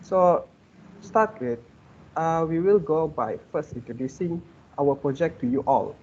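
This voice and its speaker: A young man from Malaysia presents a student project on a video call. His voice sits a little high and he explains step by step with a few filler words. The audio is dull and lo-fi with faint background noise. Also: measured pace. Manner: explanatory, steady, slightly hesitant with fillers.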